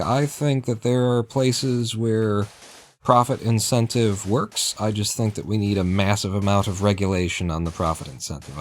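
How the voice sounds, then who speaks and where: A man's voice: fairly low pitch, slight background noise. A man livestreaming as he plays a game, chatting in a rambling, opinionated way and laughing at his own jokes. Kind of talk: casual gameplay chat.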